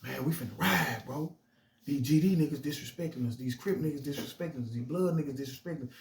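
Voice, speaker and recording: A man voicing a hotheaded young male inmate in a quieter, aggrieved tone with slang. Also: mid-range voice, fast, vocal fry, reverberant, a little hiss or hum, close to an everyday voice.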